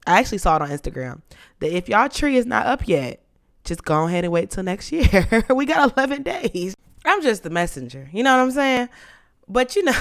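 A young woman hosting a podcast in casual chat, playful and dramatic, her voice lowered and rough from being sick. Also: big pitch swings, normal speed. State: sick, voice deeper than usual. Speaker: podcast host.

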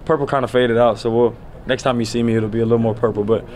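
Athlete at the podium: man, thirties, casual and unhurried delivery, middle-range voice, filler-heavy answers. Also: mid-range voice, a little hiss or hum. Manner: relaxed, loose, full of "you know" fillers. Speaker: pro football player at a press conference. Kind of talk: press conference answers. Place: press conference area.

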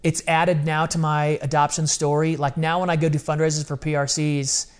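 A man in his thirties, a guest telling a personal story in casual chat, animated and full of slang. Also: fairly high pitch, moderate pace, smooth. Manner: animated, casual slang, acts out quoted voices.

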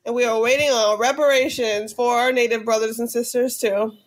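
A woman's voice: on the high side, steady tone, a little fast, low-quality recording. A woman co-hosting a podcast, chatting casually with enthusiastic slang. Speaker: podcast co-host. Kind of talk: casual chat.

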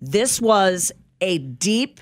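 A woman's voice: mid-range voice, big pitch swings, extremely slow. A woman co-hosting a radio show, chatty and wry in morning banter.

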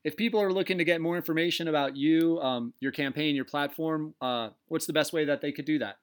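A man's voice: on the high side, brisk, clean tone. A man hosting a casual podcast interview, laid-back and chummy. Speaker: podcast host.

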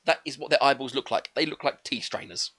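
Fast, bright-voiced man ranting. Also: medium pitch. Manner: quick, animated, jokey ranting. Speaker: podcast co-host. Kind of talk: casual chat reviewing a film.

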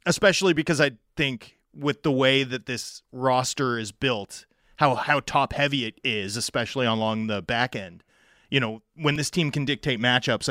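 A man's voice: medium pitch, fairly bright tone, no echo, clean studio sound. A man co-hosting a casual sports podcast, chatty, stumbling over restarts and fillers. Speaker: podcast co-host.

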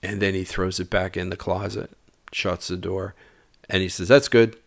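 A man with a deep, creaky voice recounts a personal story at a moderate pace, casual and animated. He performs the dialogue and at times sinks into a mutter, with no room sound on the recording.

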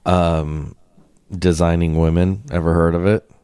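A man co-hosting a comedy podcast, joking in a dry, deadpan way. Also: low-pitched, unhurried, clear, resonant tone, dry recording. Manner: deadpan, dry jokey delivery. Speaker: podcast co-host. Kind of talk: casual comedic chat.

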